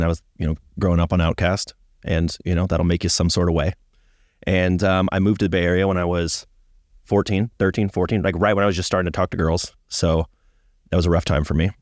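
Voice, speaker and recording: A deep-voiced man rattles off profane, self-mocking stories at high speed. His recording is close and dry, with no room sound. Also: darkish tone, no echo. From Atlanta, US. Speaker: podcast guest, comedian. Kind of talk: casual interview storytelling.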